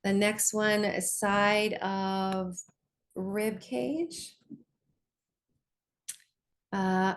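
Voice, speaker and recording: A woman's voice: mid-range voice, a little hiss or hum. A woman coach leading a guided lesson in a conversational way, often checking in with her listeners. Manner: slows down to guide tapping.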